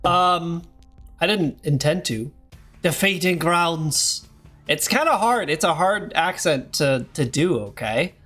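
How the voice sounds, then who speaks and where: A hoarse man in his thirties chatting casually and rambling while streaming a game. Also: a little high, lively intonation, a little slow, fairly bright tone, soft background music. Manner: rambling, self-deprecating, many fillers. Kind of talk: casual gameplay chat.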